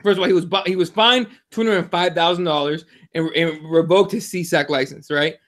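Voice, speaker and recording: A man co-hosting a combat sports podcast, talking in a casual, profane, excitable way and telling stories with lots of animation. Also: a little high, a little fast. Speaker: podcast co-host.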